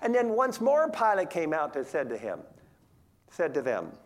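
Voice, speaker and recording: Animated preacher with a lively voice. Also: mid-range voice, moderate pace. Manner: conversational, paraphrases scripture in plain modern words; animated, asks the audience questions. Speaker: preacher teaching through a Bible passage. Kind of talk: Bible teaching sermon.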